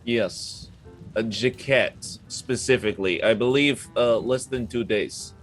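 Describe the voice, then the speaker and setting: A man playing a tabletop game, speaking in a halting, polite way in character. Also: mid-range voice, soft background music. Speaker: player.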